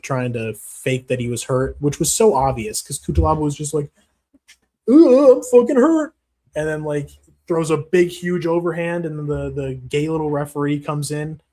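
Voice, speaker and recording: A man with a medium-pitched, slightly mellow voice hosts a casual MMA channel livestream, reading live chat. His replies are profane, rambling, and full of slang, and he calls viewers "bro."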